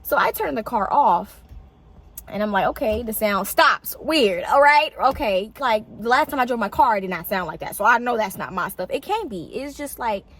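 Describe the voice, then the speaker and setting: A young woman vlogging casually, telling an animated story full of fillers and swearing. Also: normal speed. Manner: animated, swearing, filler-heavy, pitch jumps on exclamations. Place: outdoors in shade.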